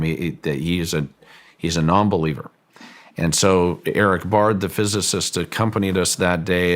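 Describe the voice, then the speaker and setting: A man as an interview guest, recounting a story in a measured, deliberate way with frequent restarts. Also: deep voice. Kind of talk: storytelling in a long-form interview.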